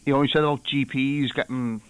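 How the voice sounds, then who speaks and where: A man's voice: mid-range voice, little pitch movement, a little fast, a bit bright, clear, resonant tone. A man calling a radio phone-in, speaking hesitantly with many fillers. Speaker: caller. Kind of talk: casual phone-in call.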